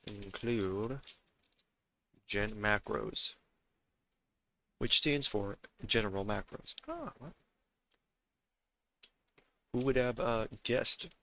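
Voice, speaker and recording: A man's voice: on the low side, very animated, very slow, pauses often, bright, forceful tone, a little hiss or hum. A man streaming live as he codes, muttering to himself, reading errors aloud and humming between tasks. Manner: mutters to himself while coding, hums and sings snatches. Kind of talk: casual live-coding stream.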